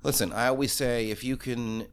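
A man guest on a podcast, talking loudly and quickly and acting out the people in his stories. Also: medium pitch, fairly even intonation, smooth. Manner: loud, fast, acts out voices in his stories. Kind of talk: animated storytelling.

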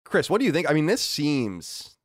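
A man's voice: fairly high pitch, normal speed, no echo, studio quality. A man hosting a casual podcast chat, arguing his points with energy and reading out listener mail. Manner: animated, argumentative, reads listener mail. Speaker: podcast host.

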